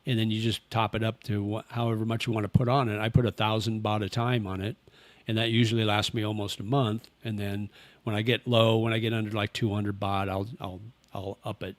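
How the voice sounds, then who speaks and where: A man's voice: fairly low pitch, little pitch movement, brisk, no echo. An older man hosting a casual livestream, rambling easily and answering chat questions. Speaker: livestream host. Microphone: webcam with face tracking.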